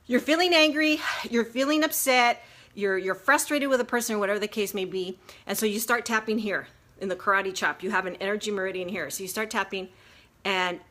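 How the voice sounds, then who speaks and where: Her voice mid-range and a bit bright, this woman, a life coach and mother of a grown daughter, teaches casually on a livestream. She walks through her points step by step, earnest and chatty, restarting often and filling pauses, all picked up by a phone or webcam.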